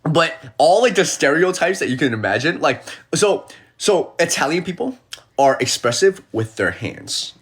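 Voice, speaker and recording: Man, casual live-stream chat, animated storyteller with a lively, high-leaning voice. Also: normal speed, slightly rough. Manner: animated storyteller, acting out the people he quotes.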